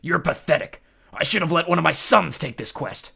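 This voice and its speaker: A man's voice: a little high, expressive, moderate pace, creaky, pushed and bright, slightly rough, voice pushed up, exaggerated voice. A man voicing a brutal male war god who growls and bellows with scorn at his daughter. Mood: contemptuous.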